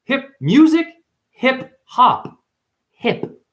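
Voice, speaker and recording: A man giving a rambling spiritual livestream monologue, profane and full of sudden jumps in pitch. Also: big pitch swings, drawn-out words, a bit bright. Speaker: spiritual vlogger.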